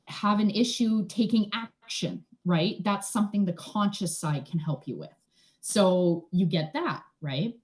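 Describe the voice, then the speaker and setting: A woman speaking as a guest in an interview, explaining things in a chatty, casual way and often checking in with "right?". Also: on the low side. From Canada. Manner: chatty, often tags "right?", animated asides. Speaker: energy healer, guest.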